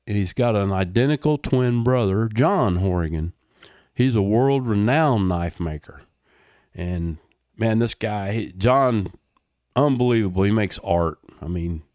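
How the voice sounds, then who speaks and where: An older man in his sixties, talking in a low, easygoing voice as an interview guest. His delivery is loose and chatty, full of "man" and "dude" and easy laughs. The sound is dry and close to the mic. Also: darkish tone, smooth, dry recording. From Texas. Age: 60s. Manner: laid-back, laughs often, says "man" and "dude". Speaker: guest, retired helicopter pilot. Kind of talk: casual interview storytelling.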